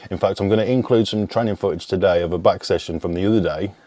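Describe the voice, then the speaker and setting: A man's voice: low voice, fast talker, a little mellow, no room sound. A man, chatting casually to camera as a fitness coach, rambling and swearing freely. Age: 30s. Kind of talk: casual vlog chat.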